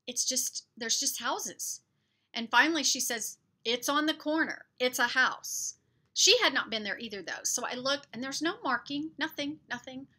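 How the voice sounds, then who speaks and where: A middle-aged woman from the southern United States chatting casually in a vlog, telling stories from her day with lots of fillers. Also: medium pitch. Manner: chatty, animated storytelling with fillers. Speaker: vlogger.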